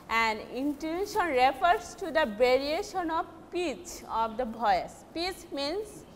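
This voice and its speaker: A woman teaching a recorded lesson in a high, slow, careful voice, often restarting or correcting herself mid-sentence. The recording has a long echo, like a large hall, with faint background noise. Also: fairly bright tone. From Bangladesh.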